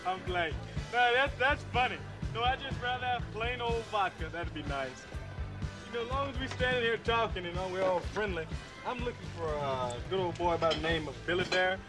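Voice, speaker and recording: Cocky streetwise con, high voice, swears a lot, film score behind. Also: male voice, animated, fairly quick. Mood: sly. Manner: cocky, profane, taunting. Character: brash streetwise male convict bluffing as a cop. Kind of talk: film acting. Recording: film soundtrack with music.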